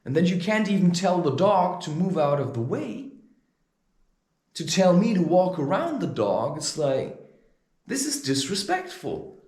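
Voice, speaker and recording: A man's voice: high voice, a little slow, roomy sound. A man in a heated, ranting monologue, recounting a confrontation and musing on how he reacts to people. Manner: heated, animated, storytelling. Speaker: spiritual advice vlogger.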